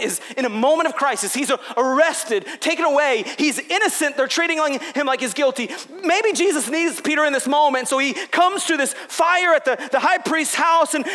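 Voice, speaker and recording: A man preaching a sermon, retelling a scripture story and acting out its dialogue, sometimes dropping to a hushed whisper. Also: high voice. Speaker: pastor.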